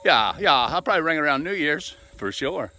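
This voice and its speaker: A man's voice: a little high, big pitch swings, a little fast, loud music behind the voice. A man chatting casually to his camera outdoors in a folksy, joking way. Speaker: hobbyist vlogger. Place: outdoors in the yard.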